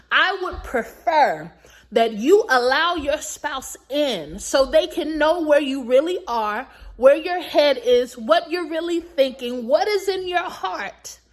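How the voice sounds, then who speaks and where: A woman with a high, very lively voice gives folksy, preachy marriage advice while recapping a reality show. She talks slowly and leans hard on each point, repeating it for emphasis, with little laughs in between. Her pitch swoops up and down as she drives her points home. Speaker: recap vlogger. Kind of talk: advice-giving recap commentary.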